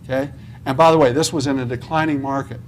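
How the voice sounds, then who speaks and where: A man's voice: medium pitch, fairly even intonation, fast talker, slight background noise. A man speaking at a real estate conference in a preachy seminar manner, asking the audience questions, answering them himself and often checking with "okay?". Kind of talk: motivational seminar talk. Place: conference hall.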